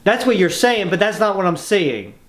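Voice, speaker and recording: A man's voice: sits high, very animated, moderate pace. A man acting in a scripted skit as a stern man lecturing someone about being happy, firm and preachy. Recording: roomy echo.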